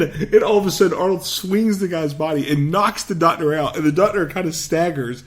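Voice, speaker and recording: A man's voice: fairly high pitch, a little fast, hardly any pauses. A man co-hosting a podcast, animatedly recapping a movie and acting out its scenes in big voices. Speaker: podcast co-host. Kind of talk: casual movie recap chat.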